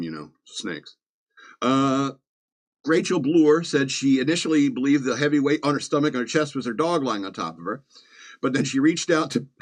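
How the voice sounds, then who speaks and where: A man hosting a podcast from Virginia, reading news stories with sarcastic, chuckling asides in a casual comedic style. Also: mid-range voice. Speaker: podcast host.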